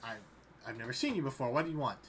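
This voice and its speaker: A man's voice: medium pitch, animated, rapid-fire, a little hiss or hum, natural voice. A man voicing a grumpy, suspicious old woman in a tabletop game. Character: cranky old woman, half asleep.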